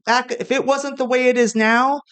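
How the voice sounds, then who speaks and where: A woman's voice: high voice, steady tone, moderate pace, a bit bright, clear, resonant tone. Blunt, profane New woman. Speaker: comedian guest. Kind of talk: casual podcast chat.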